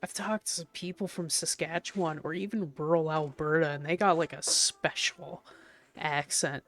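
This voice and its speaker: A woman's voice: deep voice, steady tone, normal speed, a bit bright. A woman with a faint Prince Edward Island accent chatting casually with her stream chat, playful and repeating words to test how she says them. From Prince Edward Island, Canada. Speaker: art streamer.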